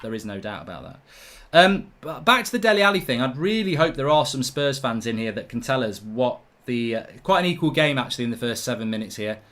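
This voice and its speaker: A man, hosting a live football watchalong, reading viewer chat and arguing back in an animated, ranting way. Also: mid-range voice, brisk, few pauses. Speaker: livestream host.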